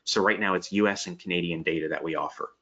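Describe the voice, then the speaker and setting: Guy with a bit of a pennsylvania dutch accent running a live webinar q&a, chatty, low voice, kinda muffled sound. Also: fast talker, pushed and bright. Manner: upbeat, chatty, reads out viewer messages. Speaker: webinar host. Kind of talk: live webinar sales pitch and Q&A. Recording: dull lo-fi webinar audio.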